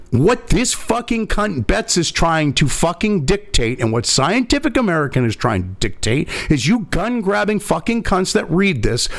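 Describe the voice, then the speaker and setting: Ranting male commentator, high and swinging pitch, sneering and profane. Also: creaky. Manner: angry, profane, sneering rant. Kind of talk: ranting commentary reading an article.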